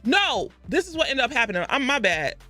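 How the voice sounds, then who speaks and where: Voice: sits high, big pitch swings, fairly quick, pushed and bright, no echo, soft background music. A video host giving a rambling, casual recap of a book, with asides and self-corrections.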